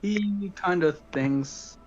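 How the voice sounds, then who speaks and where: A man's voice: high voice, drawn-out words, highs cut off, faint music behind. A man player in casual tabletop game chat, terse and wry.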